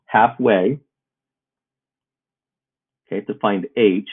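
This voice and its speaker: A man's voice: on the low side, extremely slow, breathy edge. A man teaching a math lesson, working through problems step by step in a recorded video. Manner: steady, step-by-step explaining. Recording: muffled phone-like audio.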